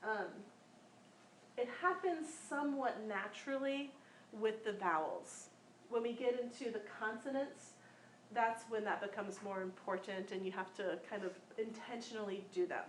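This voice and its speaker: A woman's voice: medium pitch, normal speed. Patient woman teaching pronunciation in an echoey room. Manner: patient, demonstrates sounds aloud and repeats them. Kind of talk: informal class instruction. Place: room with students present. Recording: echoey room with faint background noise.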